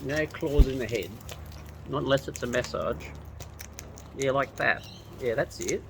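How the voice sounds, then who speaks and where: A woman's voice: extremely low pitch, expressive, a little slow, pauses often. A woman, coaxing wild birds in sing-song baby talk as she feeds them outdoors. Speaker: bird feeder filming wild birds. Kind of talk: talking affectionately to birds while feeding. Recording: noisy outdoor recording.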